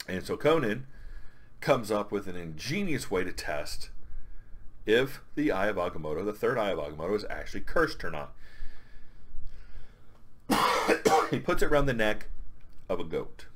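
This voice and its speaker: A man's voice: lowish voice, sing-song, unhurried, long pauses, a bit bright. A man reviewing a comic in a casual, rambling way, with lots of fillers.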